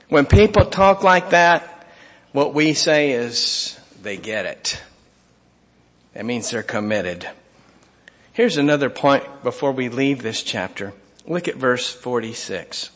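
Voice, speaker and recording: A man preaching a sermon, reading scripture aloud and swinging from emphatic lines to hushed asides. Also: mid-range voice, long reverb tail. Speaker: pastor.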